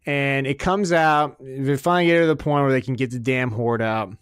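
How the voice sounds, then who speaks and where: A man's voice: medium pitch, steady tone, normal speed, clean tone, no room sound, studio quality. A man hosting a podcast, ranting crudely and sarcastically and swearing constantly. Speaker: podcast host. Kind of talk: profane comedic rant.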